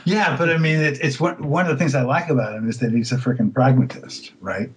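A man of middle pitch chatting as an interview guest. He tells his stories loosely, stopping and restarting often, with lots of "um"s. He laughs easily along the way. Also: a little fast, a little hiss or hum, rough recording. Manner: hesitant, many fillers and restarts; relaxed storytelling, laughs easily. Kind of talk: casual interview chat.

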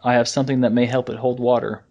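A man co-hosting a casual fan podcast, rambling in a relaxed way, with restarts and chuckles. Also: medium pitch, quick pace, lo-fi sound. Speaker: podcast co-host.

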